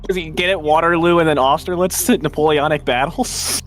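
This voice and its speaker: A man's voice: a little high, steady tone, moderate pace. A man playing in a tabletop game, joking casually with the table. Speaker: player.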